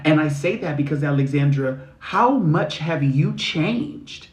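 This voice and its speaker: Guy ranting on a live stream, swears a lot, fires off questions, slightly high voice, echoey room. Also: measured pace. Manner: blunt, heavy swearing, preachy rhetorical questions; animated, swings into mocking high-pitched voices. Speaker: spiritual reader and live-stream host. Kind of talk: profane motivational live-stream rant. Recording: roomy echo.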